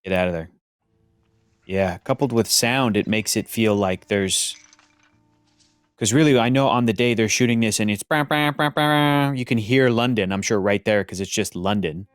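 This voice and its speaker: A man's voice: fairly low pitch, moderate pace, clean tone, no room sound, soft background music. A man co-hosting a movie reaction, chatting casually and joking, with film sound behind. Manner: jokey, puts on mock British voices.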